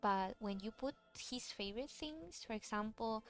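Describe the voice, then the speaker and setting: A woman's voice: fairly high pitch, animated, moderate pace, fairly bright tone, soft background music. A woman chatting casually while she draws, rambling with many fillers and restarts. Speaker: VTuber artist streaming a drawing session. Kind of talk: casual chat while drawing.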